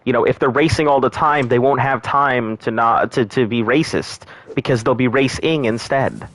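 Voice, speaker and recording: A man's voice: medium pitch, normal speed, fairly bright tone. A man streaming a game live, chatting casually with viewers, joking and swearing freely. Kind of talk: casual live-stream chat while gaming.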